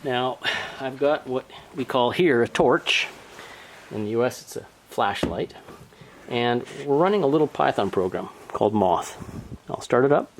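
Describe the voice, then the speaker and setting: A man with a New Zealand accent casually explaining a small robot demo, relaxed and explanatory, on an outdoor deck. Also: mid-range voice, a little hiss or hum, rough recording. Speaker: hobby robotics demonstrator.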